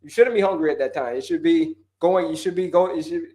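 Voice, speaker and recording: A high-voiced man hosts a live wellness stream, answering questions from the chat. He talks in an energetic, slangy way, says his points over and over and acts out voices. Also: fast talker. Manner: animated, slangy, repeats himself, acts out viewers' voices. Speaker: wellness coach hosting a livestream.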